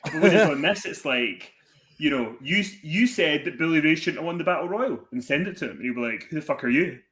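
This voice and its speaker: A young man, a podcast guest, telling animated, sweary stories and acting out the people in them. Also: a little high, brisk. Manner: animated, swearing, acts out the voices in his anecdotes. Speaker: podcast guest, wrestling commentator. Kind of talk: casual storytelling chat.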